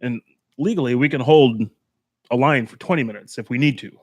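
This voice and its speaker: A man's voice: medium pitch, fairly quick, dry recording, clean studio sound. A man telling stories in a casual podcast chat, laughing often and swearing freely. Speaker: podcast co-host.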